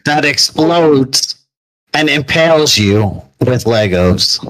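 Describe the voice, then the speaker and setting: A man reading a chat message aloud in a put-on deep, seductive voice, laughing through it. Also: expressive, slow pace, fairly bright tone, poor audio. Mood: mock-sultry. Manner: breaking into laughter while reading.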